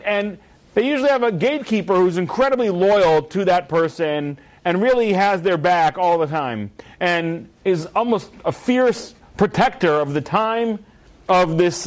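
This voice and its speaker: A man teaching a religious class, telling a story in an animated, humorous way. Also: high-pitched, moderate pace.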